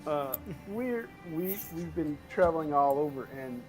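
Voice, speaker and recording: Slow, stammering male player. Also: a little high, expressive, a little mellow, soft background music. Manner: hesitant, stammering, giggly. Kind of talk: casual tabletop play.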